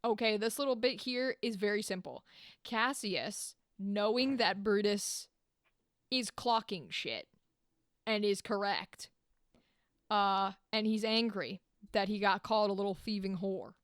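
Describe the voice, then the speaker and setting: A young woman hosting a podcast, explaining a play in a playful, animated way and swearing freely. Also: mid-range voice, a little slow, no echo, studio quality. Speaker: podcast host. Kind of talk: casual comedic explainer.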